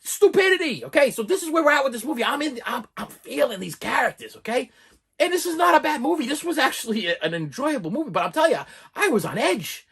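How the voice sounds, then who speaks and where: A man's voice: extremely high pitch, quick pace, breathy edge. A man reviewing a movie in a casual, exasperated rant, full of repeats and restarts. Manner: animated, exasperated, repeats himself.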